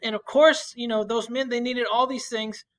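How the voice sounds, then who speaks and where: A man's voice: extremely high pitch, fairly even intonation, moderate pace, rough recording. A man teaching a recorded history lesson, talking casually with many fillers and restarts over a shared screen.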